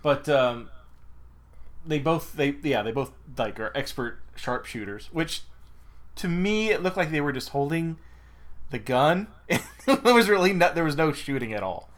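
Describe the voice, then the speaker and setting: A man's voice: on the high side, expressive, measured pace. A man co-hosting a podcast in casual chat, rambling with frequent laughs. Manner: rambling, many fillers and restarts, laughs while talking. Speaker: podcast co-host.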